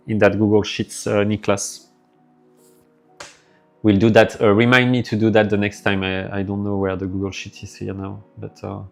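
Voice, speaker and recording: A man with a French accent, live streaming and chatting casually with his viewers, rambling as he answers their messages aloud. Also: lowish voice.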